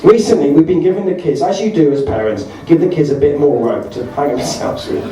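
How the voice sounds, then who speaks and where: A man tells rambling, self-correcting stand-up stories to a party crowd. His voice sits a little high and comes from some way off the mic. A large hall rings with heavy echo, and a chattering audience is clearly heard behind him. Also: sing-song, a little fast, far from the mic. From Essex, England. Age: 40s. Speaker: stand-up comedian. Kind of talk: stand-up anecdotes at a birthday party.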